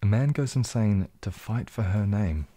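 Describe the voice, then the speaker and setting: A man hosting a relaxed, jokey live stream, reading out and answering viewer comments, a little tipsy from champagne and sometimes dropping into a whisper. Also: on the low side, moderate pace. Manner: laid-back and jokey, drifting into soft whispers. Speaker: ASMR channel host.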